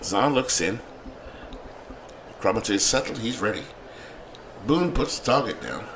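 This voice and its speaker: A man with a London accent doing play-by-play commentary on a replayed baseball game, building to excited calls on big hits. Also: on the low side, unhurried, noisy background. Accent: London English. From England.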